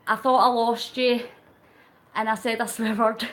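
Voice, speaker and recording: Woman vlogger, fairly high voice, chatty live-stream talk while cycling, laughs a lot. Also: level tone, unhurried, a bit bright. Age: middle-aged. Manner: chatty, laughs often, reads out viewer comments; talks while pedalling on a bike. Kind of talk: casual live-stream chat.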